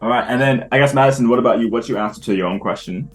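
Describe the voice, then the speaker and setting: A man's voice: mid-range voice, rapid-fire, soft background music. A man hosting a casual interview, originally from the New York area, who keeps things moving with short, easygoing affirmations. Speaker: host.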